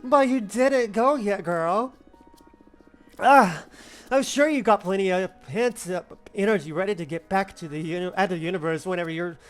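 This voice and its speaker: A woman voicing an excitable young witch friend in game dialogue, gushing and eager with quick questions. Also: mid-range voice, faint music behind, lightly acted. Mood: encouraging. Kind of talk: reading game dialogue aloud.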